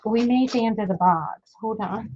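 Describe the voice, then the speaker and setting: A woman's voice: a little high, darkish tone. A woman hosting a casual live sale, chatting to viewers as she unboxes jewelry and counts items aloud. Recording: dull lo-fi audio with faint noise.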